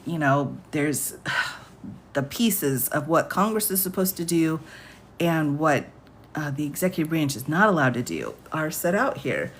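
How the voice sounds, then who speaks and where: Chatty woman with lowish voice. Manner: chatty, laughs often, reads text aloud. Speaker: attorney explaining law. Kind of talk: livestream legal explainer. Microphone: phone livestream.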